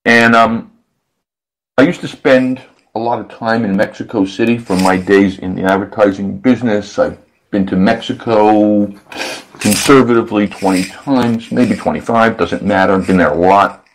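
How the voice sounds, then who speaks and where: A man's voice: lowish voice, steady tone, moderate pace, slight background noise, poor audio. A male radio host telling a rambling story in a casual, self-amused way, chuckling often.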